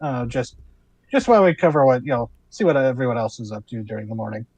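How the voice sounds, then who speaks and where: A man's voice: medium pitch, lively intonation, fast talker, darkish tone, slightly rough, dry recording, highs cut off. A man working as game master and narrating a tabletop role-play game, rambling with fillers and restarts.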